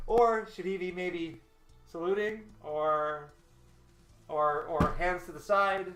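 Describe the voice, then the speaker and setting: A high-pitched man with a fairly bright tone speaks slowly, chatting casually on a live stream while he works, rambling and laughing often. He's an artist hosting a storyboarding stream, recorded in an echoey room with faint music.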